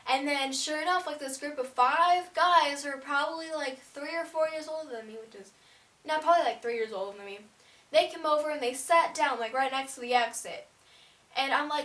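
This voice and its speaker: Chatty teen girl vlogging, high voice. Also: a little fast, a bit bright, far from the mic. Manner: chatty, rambling, fillers of "like". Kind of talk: casual storytelling. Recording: roomy, away from the mic.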